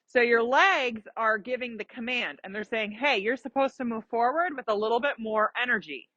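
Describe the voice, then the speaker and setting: Bright-voiced woman riding instructor. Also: on the high side, normal speed, no room sound, muffled recording. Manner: encouraging, explains patiently with examples. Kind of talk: live coaching during a riding lesson.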